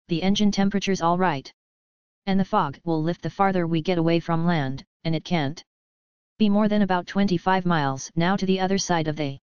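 A woman's voice: lowish voice, darkish tone, smooth, dry recording, highs cut off, close to an everyday voice. A woman reading a firm, cheerful naval father. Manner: firm, fatherly, explaining patiently.

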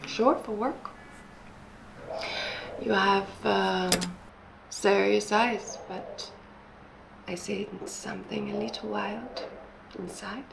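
An actress playing a flirtatious woman on a webcam, speaking slowly and teasingly with an accent mixing French and Russian. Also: mid-range voice, fairly even intonation, vocal fry, noisy background. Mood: seductive. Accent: French-Russian mix. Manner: slow, teasing, seductive.

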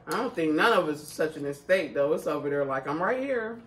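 A woman's voice: deep voice, fast talker. A woman in her thirties chatting casually at a food video, laughing often and talking loose and salty. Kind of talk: casual mukbang chat. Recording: far from the mic with faint noise.

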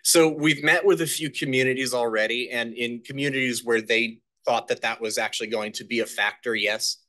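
A man's voice: medium pitch, steady tone, fairly quick, bright, forceful tone. A man presenting data at a public committee meeting, talking with many fillers and restarts. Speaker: staff presenter.

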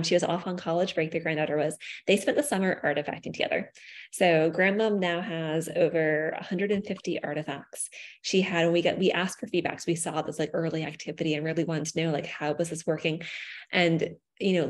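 Lively woman founder, low-pitched voice. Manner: animated storyteller. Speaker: company founder. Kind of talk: casual live discussion.

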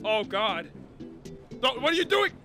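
A man commentating his gameplay, laughing often and breaking into excited high outbursts. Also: a little slow, over music. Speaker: gaming YouTuber.

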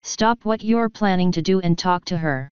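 A grave royal mare from a storybook, speaking in a slow, solemn, pleading way, as a woman reads her lines. The voice sits low and very smooth. The recording is dry and a little dull. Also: darkish tone, no echo, lightly acted.

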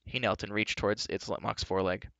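A man narrating a live storybook reading in a steady, even way. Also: on the low side, quick pace, gravelly, no echo, dull audio.

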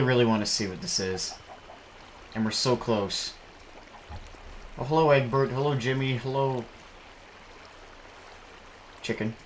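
Man, mid-pitch, rambling casual game commentary with a faint hiss behind him. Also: fairly bright tone, low-quality recording. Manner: jumpy, rambling, shrieks when startled. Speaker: gameplay commentator.

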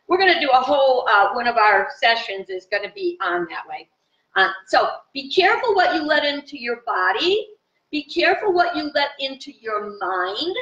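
Bright, animated woman giving a spiritual talk. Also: on the high side. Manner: chatty and animated, with fillers. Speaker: spiritual teacher. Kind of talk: informal live talk to viewers. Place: home in the country. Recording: dull, roomy sound from a distant mic.

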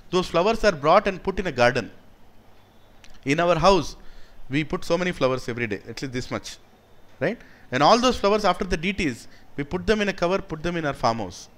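A man with an Indian English accent speaks in a slightly higher voice to a live audience. His devotional talk swings from lively questions to soft storytelling. He keeps pulling listeners in with direct questions. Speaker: spiritual speaker.

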